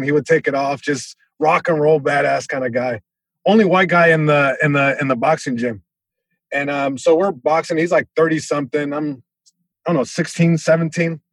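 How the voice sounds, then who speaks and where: A young man tells a story on a podcast, acting out other people with sudden loud bursts. His voice sits a little high and has a husky grain. The sound is dry and close, with no room around it. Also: dry recording. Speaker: comedian guest. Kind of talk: casual storytelling.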